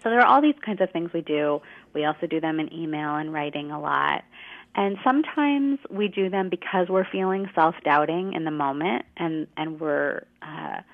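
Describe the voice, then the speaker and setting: A woman guest expert explaining clearly in a teacherly way and giving examples, heard over a phone line. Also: sits low. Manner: articulate, teacherly, gives examples. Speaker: guest expert on women's communication. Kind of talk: explanatory interview answers.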